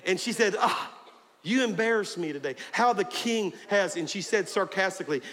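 A man preaches a fiery sermon, his high, bright voice rising into shouts as he calls out to his congregation. The sound carries a long church-hall reverb over the faint murmur of the crowd. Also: animated, normal speed. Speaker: pastor.

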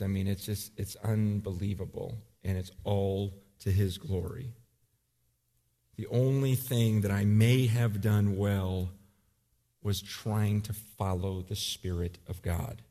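A man in his forties preaching a sermon, telling a story with animated swings between loud urgency and quiet intensity. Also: low-pitched, slow pace. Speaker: pastor.

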